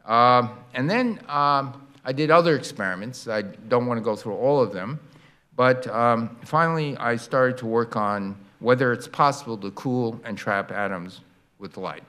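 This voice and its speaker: An older man giving a public university lecture, explaining science with animated sound effects and demonstrations. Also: medium pitch, unhurried. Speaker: guest lecturer. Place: lecture hall.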